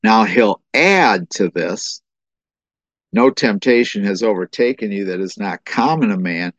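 A man's voice: on the low side, dry recording. A man preaching a sermon as the pastor, talking animatedly with restarts and acting out quoted voices. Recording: dull muffled dry recording.

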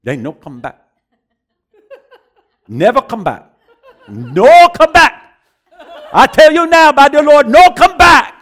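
A man's voice: very high-pitched, sing-song, slow pace, long pauses, a bit bright, voice pushed up, exaggerated voice. A man doing a fervent preacher from Singapore. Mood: insistent prophetic. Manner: broken English, emphatic repetition. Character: man of God from Singapore speaking broken English, fervent prophetic preacher.

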